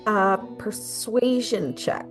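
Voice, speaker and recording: Slow, relaxed woman game master, many ums, faint guitar music behind. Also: mid-range voice. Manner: relaxed, with frequent ums and uhs. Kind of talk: narrating a tabletop game.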